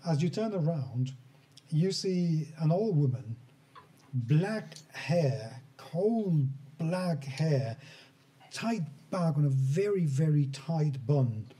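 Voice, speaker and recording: Guy game master narrating a tabletop scene, slow and kinda dark toned, fairly high voice. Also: lively intonation. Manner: unhurried descriptive narration with restarts.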